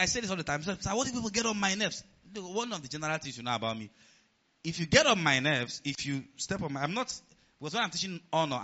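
Pastor preaching in church, high voice swinging all over, gets near-shouty. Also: male voice. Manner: animated preaching, rising to near-shouts, frequent laughter. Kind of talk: sermon. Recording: dull lo-fi sound.

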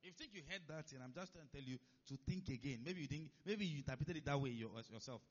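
A man's voice: fairly high pitch, quick pace. A man preaching a sermon, who keeps stopping to check that his listeners are following. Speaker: pastor. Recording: dull lo-fi recording.

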